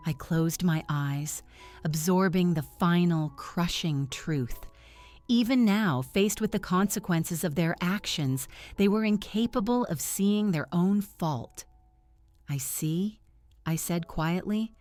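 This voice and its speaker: A woman in her thirties narrating a first-person story in a cool, measured way. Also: lowish voice, a little mellow, faint music behind. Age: 30s.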